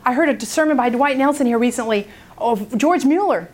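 A woman speaking at a prayer seminar, telling a story in an animated way and acting out its people. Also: high-pitched, fairly quick.

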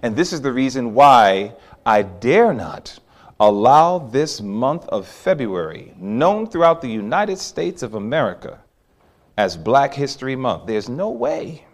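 A man preaching a sermon, telling a personal story with animated swings from hushed asides to loud exclamations. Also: medium pitch, measured pace.

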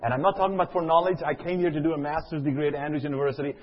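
A man's voice: a little high, steady tone, very fast, lo-fi sound, a little hiss or hum. A middle-aged man from Africa, preaching a sermon and telling a personal story, often putting questions to the audience. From South Africa.

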